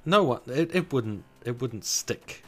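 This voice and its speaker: A man co-hosting a podcast in casual chat, joking dryly and trailing off quietly at the ends of his sentences. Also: medium pitch, lively intonation, measured pace, soft background music. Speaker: podcast co-host.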